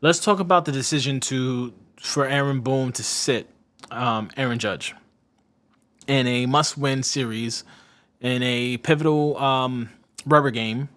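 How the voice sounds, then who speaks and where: A man co-hosting a casual sports podcast, talking at an ordinary middle pitch. He rambles through his points, restarts his sentences, turns sarcastic and stops to hunt for names. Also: a little slow, a bit bright. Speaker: podcast co-host.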